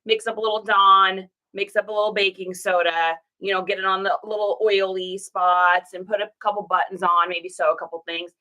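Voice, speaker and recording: A woman's voice: mid-range voice, little pitch movement, normal speed, few pauses, sharp tone, poor audio. A woman in her forties from Washington State, with a stuffy nose from a cold, chatting casually and rambling as she works through reseller orders. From Washington State, USA. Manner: rambling and chatty, full of "like" and "situation". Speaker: reseller vlogger. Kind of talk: casual vlog chat.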